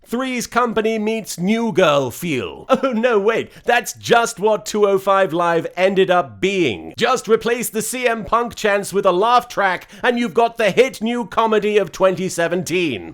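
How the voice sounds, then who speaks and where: A man hosting a satirical wrestling recap, narrating with sarcastic, deadpan asides. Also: high voice, unhurried, few pauses. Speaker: host of a wrestling recap show.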